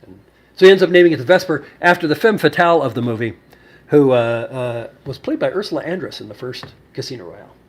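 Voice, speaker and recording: A man's voice: medium pitch, animated, fast. A man hosting a cocktail show, telling a long, rambling story with many fillers and restarts. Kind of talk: casual storytelling to camera.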